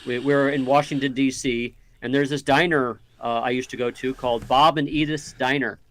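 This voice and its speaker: A man co-hosting a casual podcast, talking haltingly and repeating words. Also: mid-range voice, fairly even intonation, a bit bright. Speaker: podcast co-host. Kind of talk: casual chat.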